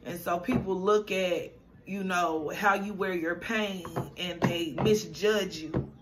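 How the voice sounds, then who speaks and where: A woman's voice: on the low side, fairly even intonation, slow, very noisy. A woman giving a spiritual tarot reading to her viewers, emotional and affirming, repeating herself as she gets choked up. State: choked up, near tears. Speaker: tarot reader.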